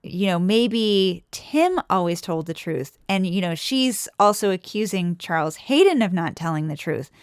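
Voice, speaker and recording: A woman's voice: lowish voice, unhurried, few pauses, smooth, no room sound, clean studio sound. A woman co-hosting a podcast, chatting casually and animatedly, often acting out what others said. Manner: animated, acts out quotes. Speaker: podcast co-host. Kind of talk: casual chat.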